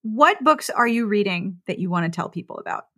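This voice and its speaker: A woman hosting a podcast, reacting quickly and chatting casually. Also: mid-range voice, lively intonation, a bit bright, dry recording, clean studio sound. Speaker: podcast host.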